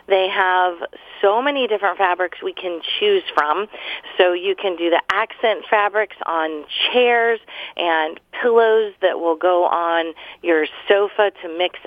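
Woman pitching furniture over a phone line. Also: no room sound. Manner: friendly sales pitch, listing features. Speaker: furniture store owner. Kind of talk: promotional interview.

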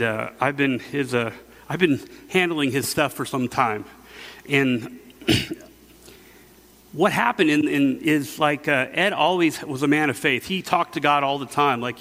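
A middle-aged pastor with a medium-pitched, slightly bright voice gives a conversational sermon, telling stories with lots of fillers and restarts. The recording carries long hall reverb.

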